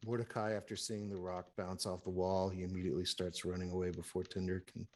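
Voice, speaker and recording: A man's voice: low voice, little pitch movement, quick pace. A man narrating as game master of a tabletop game, rambling with many fillers.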